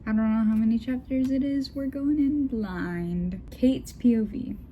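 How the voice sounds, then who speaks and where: Young woman vlogger, giggly reader, unhurried and faint background noise. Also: fairly high pitch, dull audio. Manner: giggly, joking asides. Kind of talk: casual reading of fanfic aloud.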